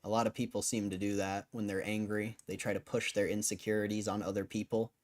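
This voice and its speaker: A man's voice: fairly low pitch, level tone, fairly quick, darkish tone. A man on a live stream, arguing with his chat in a casual, cussing way, tired after hours on air. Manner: argumentative, swears, laughs between lines. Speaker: livestreamer.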